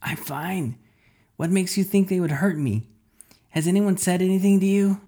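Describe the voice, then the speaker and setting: A man's voice: high voice, normal speed, mellow, pitched above the performer's own voice. A man voicing a worried father whispering urgently over the phone in a storybook reading. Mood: urgent hushed.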